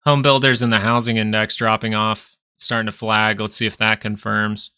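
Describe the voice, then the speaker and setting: A man's voice: fairly low pitch, flat delivery, moderate pace, sharp tone, clean tone. A man hosting a live stock market stream, chatting casually and rambling between chart talk and answers to viewers. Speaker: stock market livestream host.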